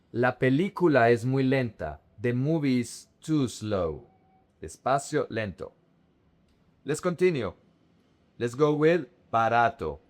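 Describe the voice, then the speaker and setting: A young man teaches vocabulary at an unhurried pace. He says each word slowly and carefully, then repeats it in drills. His voice sits at an ordinary middle pitch. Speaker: Spanish teacher. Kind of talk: vocabulary lesson to camera.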